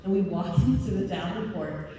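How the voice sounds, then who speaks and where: A woman's voice: on the low side, normal speed, dark tone, slight background noise. A woman giving a humorous, self-deprecating talk to homeschool parents, often laughing as she speaks. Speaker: convention speaker. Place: large convention hall. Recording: echoey hall from far off.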